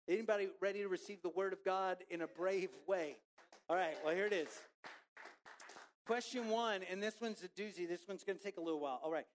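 A man preaching a sermon to a church congregation in a relaxed, conversational way, joking with the people in the room. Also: high voice, a little fast. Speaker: pastor. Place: church auditorium.

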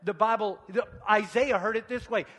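A man preaching a sermon, swinging from hushed near-whispers to shouted passages. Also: high-pitched, moderate pace, husky, in a large hall.

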